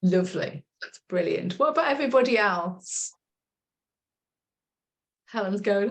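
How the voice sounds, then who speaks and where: Gentle woman coach guiding relaxation. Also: mid-range voice, expressive, a little slow. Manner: gentle, encouraging, chatty with fillers. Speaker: self-love coach leading a group session. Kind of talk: guided relaxation instruction.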